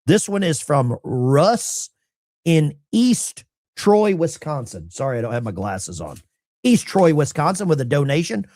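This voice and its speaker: A man's voice: on the high side, sing-song, unhurried, a little mellow, no room sound, clean studio sound. A middle-aged man, a veteran, hosting a casual livestream and reading viewer mail in a blunt, salty, self-mocking way.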